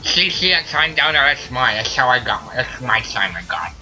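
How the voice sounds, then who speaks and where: A man playing a video game and commenting, ranting loudly at his teammates in a put-on silly voice. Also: mid-range voice, sing-song, moderate pace. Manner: loud, frustrated ranting at teammates. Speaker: let's play gamer. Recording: faint game music behind. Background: game music.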